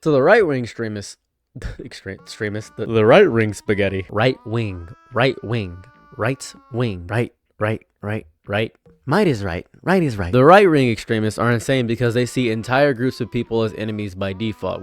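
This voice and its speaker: Guy ranting in a commentary video, gets heated then goes quiet, dry close sound. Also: mid-range voice, no room sound. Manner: heated, repetitive, swings between loud and quiet. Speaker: online commentator. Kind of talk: unscripted commentary rant.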